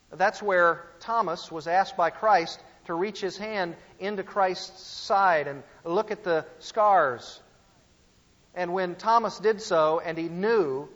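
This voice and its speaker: A preacher with a high voice leans into his points and throws questions back at the congregation. His voice carries a long hall reverb, and the recording sounds dull and lo-fi. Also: fairly bright tone. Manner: emphatic teaching with rhetorical questions to the audience. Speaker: pastor teaching a series. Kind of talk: sermon.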